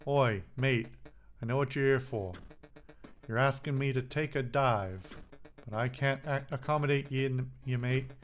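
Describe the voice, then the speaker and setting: A man voicing a gruff male scrap dredger with a put-on British accent and clipped slangy speech, over faint music. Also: mid-range voice, slow pace, pauses often, natural voice.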